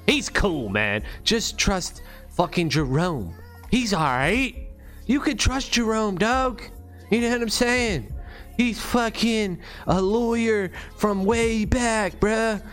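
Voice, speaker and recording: A man's voice: high voice, takes it slowly, a bit bright, faint music behind. A man delivering an unscripted, rambling monologue rant, full of slang and profanity. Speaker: vlogger on money and bitcoin.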